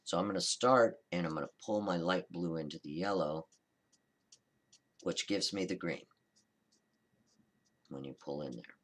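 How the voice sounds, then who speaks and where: A man hosting a card-making tutorial, talking through a coloring demonstration in a relaxed, chatty, reassuring way and often correcting himself mid-sentence. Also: low-pitched, measured pace, pauses often. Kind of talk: casual step-by-step crafting demonstration.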